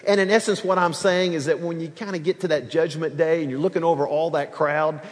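A man preaching a sermon in an animated way, acting out the quoted lines and bantering with the congregation. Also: a little high, brisk, big-room sound. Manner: animated preaching, acts out quoted speech, laughs with the crowd. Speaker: pastor.

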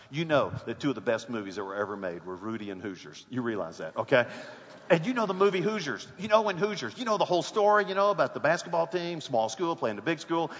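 A man preaching a sermon, telling a sports story with rising excitement and shouts. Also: medium pitch, big-room sound, lo-fi sound.

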